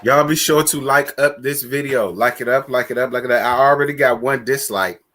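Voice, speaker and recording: During a casual live stream, a man addresses his viewers in a brisk, sassy, blunt manner, cursing often. His pitch is an ordinary middle height, and he shifts from playful shout-outs to frank, cutting remarks.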